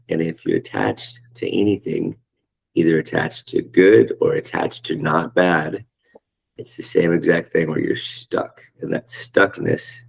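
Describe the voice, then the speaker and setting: A middle-aged man leading a casual spiritual study group over a video call, talking in an animated, rambling way and searching for words. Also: extremely low pitch, gravelly, husky, rough recording.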